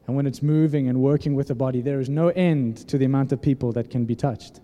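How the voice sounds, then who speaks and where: A man in his thirties preaching a sermon, telling a story and acting out the dialogue with lively energy. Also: mid-range voice, fast. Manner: animated storytelling, acts out dialogue. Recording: echoey hall reverb.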